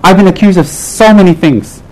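A man's voice: high voice, moderate pace, darkish tone, rough recording. Wry man giving a teasing dharma talk. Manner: wry, teasing, with rhetorical questions. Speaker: Buddhist teacher.

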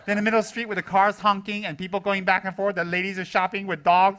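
A high-pitched man with a bright, ringing tone teaches his students with humor. He laughs often and slips into squeaky impressions of people. His delivery is lively and animated. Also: racing, hardly any pauses. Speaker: Buddhist teacher.

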